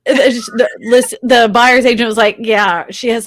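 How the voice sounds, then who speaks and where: A woman, a real estate agent, chatting as a guest, telling lively stories and laughing often. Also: on the high side, normal speed, dry recording. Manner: animated storyteller, laughs often, acts out quotes. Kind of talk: casual interview chat.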